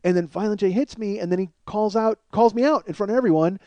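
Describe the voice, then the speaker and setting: A man hosting a comedy podcast, telling a long profane story in an animated way. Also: high voice, fast, no echo. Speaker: podcast host.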